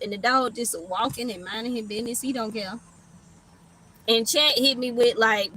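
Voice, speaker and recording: A woman's voice: fairly high pitch, sharp tone, rough recording. A woman giving a casual livestream tarot reading, rambling and profane, laughing as she tells stories. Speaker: tarot reader.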